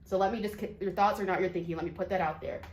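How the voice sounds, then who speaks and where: A woman co-hosting a podcast, talking in an earnest, expressive way and laughing easily. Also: medium pitch, rapid-fire, reverberant, a little hiss or hum, poor audio. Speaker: podcast co-host. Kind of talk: casual chat.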